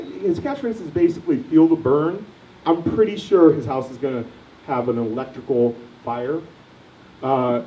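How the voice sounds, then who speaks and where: A man's voice: mid-range voice, warm tone, distant mic, a little hiss or hum. A young man doing a crude, rambling stand-up set, quizzing the audience, recorded from afar in an echoey lo-fi room. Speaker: stand-up comedian.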